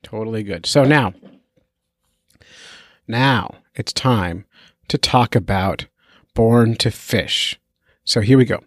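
A man's voice: mid-range voice, slow, pauses often, dry recording, studio quality. A man hosting a fishing podcast, talking in a goofy, self-mocking, chatty way. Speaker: podcast host. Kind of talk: casual podcast intro.

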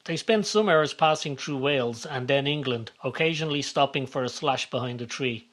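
Guy narrating a comedy drama, calm measured storytelling, middle-pitched. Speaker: narrator and author of the series. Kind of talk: scripted audio story narration.

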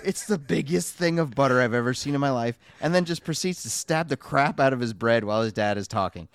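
A man's voice: mid-range voice, lively intonation, fairly quick, no echo, clean studio sound. Man in his thirties in eager podcast chat. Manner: enthusiastic, laughs often. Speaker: podcast co-host. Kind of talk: casual chat.

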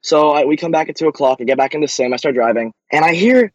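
A young man, a racing driver, answering interview questions eagerly, with many quick restarts. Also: on the high side, lively intonation, no room sound, highs cut off.

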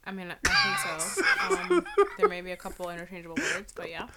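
A woman's voice: medium pitch, wildly swooping pitch, a little fast, noisy background. A woman guest on a podcast, laid-back and rambling, sometimes apologetic. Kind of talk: casual chat.

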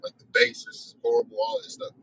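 A man's voice: a little fast, fairly bright tone, low-quality recording. A man hosting a weekly discussion, telling a story in a casual monologue with exasperated, profane and self-reflective talk.

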